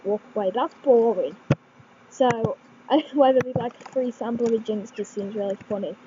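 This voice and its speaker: A woman's voice: on the high side, normal speed, dark tone, dull audio, slight background noise. A young woman, chatting casually as she reads quiz questions aloud and thinks them through, with many fillers and restarts. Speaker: vlogger.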